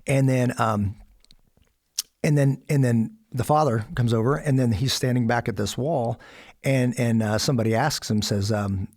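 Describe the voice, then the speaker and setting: Gravelly man telling a lively story. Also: medium pitch, moderate pace. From United States. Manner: animated, acts out quotes, laughs often. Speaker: podcast guest. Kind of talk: storytelling in casual chat.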